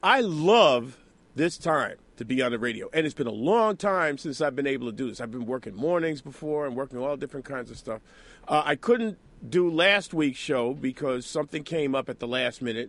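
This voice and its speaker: A man hosting a political radio talk show in a studio, talking in an animated, rhetorical, conversational way. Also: medium pitch, no room sound.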